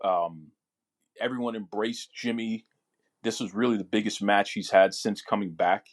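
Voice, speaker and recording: A man's voice: on the low side, steady tone, moderate pace. A man hosting a wrestling podcast, talking eagerly as a fan and often restarting his words. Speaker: podcast host. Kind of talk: casual podcast chat.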